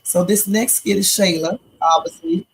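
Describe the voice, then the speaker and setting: A woman's voice: medium pitch, moderate pace, slightly rough, poor audio. A tired woman hosting a live reaction stream, chatting and rambling with preachy asides. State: sleepy, tired. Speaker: livestream reaction host. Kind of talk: casual live reaction commentary.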